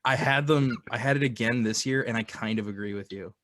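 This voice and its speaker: A man's voice: medium pitch, brisk, fairly bright tone, no echo. A young man hosting a podcast in casual chat, jokey and self-mocking. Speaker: podcast host.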